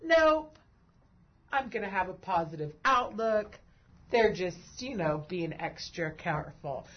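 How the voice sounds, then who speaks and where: This host, herself a breast cancer survivor, recounts her personal story in a heartfelt conversation, laughing and crying easily. Her husky, expressive voice sits on the low side and moves at a measured pace, with the high frequencies cut off in the recording.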